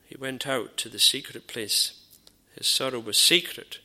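A man preaching a sermon in an earnest, measured way, with frequent pauses and repeated phrases. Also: medium pitch, pushed and bright. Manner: drops to a near whisper in dramatised dialogue.

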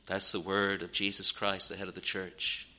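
A man's voice: low-pitched, flat delivery, moderate pace, pushed and bright. A man preaching a sermon in a solemn, earnest manner, quoting scripture in old-fashioned wording. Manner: solemn, rising to urgent warnings.

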